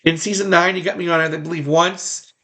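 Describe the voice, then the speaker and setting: A man's voice: a little high, fairly even intonation, brisk, sharp tone. A man who once worked as a background extra, casually recalling it in a rambling way and repeating phrases for emphasis. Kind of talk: casual personal reminiscence.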